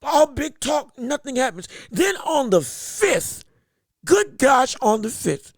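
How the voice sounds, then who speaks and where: A man hosting his own sports podcast, excited and theatrical, talking through being sick. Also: very high-pitched, takes it slowly, no echo, studio quality. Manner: hyped, theatrical, sing-song delivery with exclamations. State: sick, under the weather.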